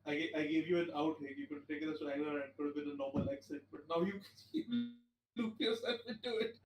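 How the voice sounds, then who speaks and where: A man's voice: fairly high pitch, level tone, rapid-fire. Joking male player in an echoey room. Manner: joking, easygoing. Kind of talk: casual chat. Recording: roomy, distant mic with faint noise.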